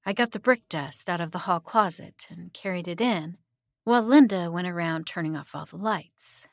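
Soft-spoken woman narrating a horror story. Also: lowish voice, moderate pace, gravelly, no room sound, clean studio sound. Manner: soft-spoken, often dropping to a hushed whisper.

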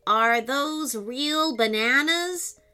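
Woman voicing a slow cheerful little game robot. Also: high voice, pushed and bright, clear, resonant tone, faint music behind, full character voice. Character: friendly little video game robot with red horn, male.

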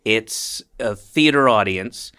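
A man hosting a podcast in casual chat, laughing loudly and retelling stage bits. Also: on the low side, expressive, slow, smooth. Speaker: podcast host.

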